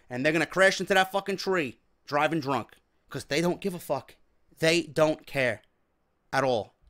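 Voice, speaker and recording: A man's voice: high voice, sharp tone. A man hosting a wrestling commentary show, ranting in a profane, exasperated way. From New York.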